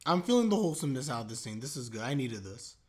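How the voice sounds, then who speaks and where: A man's voice: medium pitch, sing-song, racing, a little mellow. A man casually reacting to an anime episode, talking to his viewers with exclamations and laughter.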